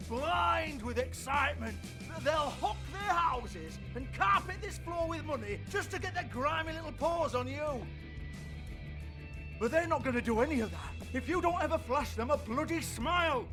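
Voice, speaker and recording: Nasty club owner, super high shrill voice, cursing nonstop, loud music under it. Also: male voice, lively intonation, normal speed. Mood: berating. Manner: snarling, berating, cursing. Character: abusive middle-aged male club owner, foul-mouthed and bullying.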